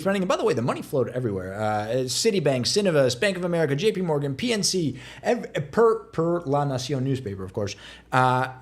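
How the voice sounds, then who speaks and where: Animated man co-host, slightly high voice. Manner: animated storyteller, emphatic. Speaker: podcast co-host. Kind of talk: casual market chat.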